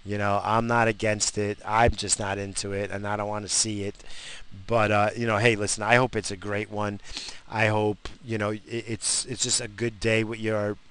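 A man's voice: fairly low pitch, little pitch movement, moderate pace, a bit bright, clear, resonant tone. A tired man hosting his own podcast, rambling in a profane, mock-grumpy rant from home. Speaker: podcast host. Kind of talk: casual solo podcast rant.

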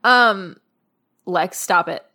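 A woman's voice: on the low side, very slow, bright, forceful tone. A woman co-hosting a podcast in casual chat, playful and joking. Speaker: podcast co-host.

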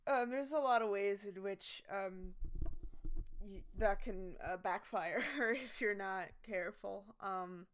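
A woman's voice: mid-range voice, slow pace. A woman co-hosting a casual podcast, sleepy and yawning, agreeing a lot and hesitating with many fillers. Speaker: podcast co-host.

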